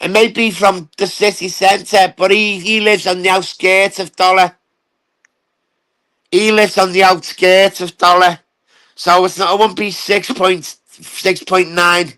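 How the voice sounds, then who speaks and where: A man's voice: sits high, little pitch movement, unhurried, bright, forceful tone, poor audio. A man rants on his live stream, taunting an absent rival and swearing as he rambles. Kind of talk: ranting casual live stream.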